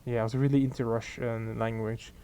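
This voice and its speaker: A young man, ranting casually and profanely to camera in an exasperated, animated way. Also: medium pitch, brisk, smooth. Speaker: vlogger.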